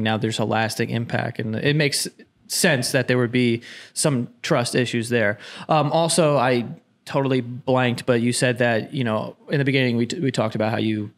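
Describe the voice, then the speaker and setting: A man hosting a podcast interview, asking hesitant, gentle questions. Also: medium pitch. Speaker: podcast host.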